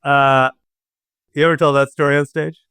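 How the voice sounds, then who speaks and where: A man's voice: on the high side, flat delivery, normal speed, pushed and bright, smooth, no echo. A man co-hosting a podcast, wry and teasing, with hesitant ums. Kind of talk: casual chat.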